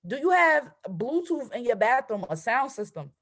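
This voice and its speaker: Lively woman coaching with constant "right?". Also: a little high, moderate pace. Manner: conversational, keeps asking "right?"; energetic and animated, acts out excited affirmations. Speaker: trading and mindset coach. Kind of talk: motivational solo talk.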